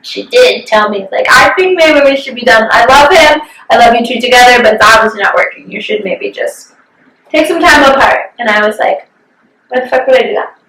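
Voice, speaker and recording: Young woman, podcast co-host, candid chat, swears, fairly high voice, echoey room. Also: expressive, normal speed, a bit bright, far from the mic. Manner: candid, swears freely, acts out quotes. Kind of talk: casual chat.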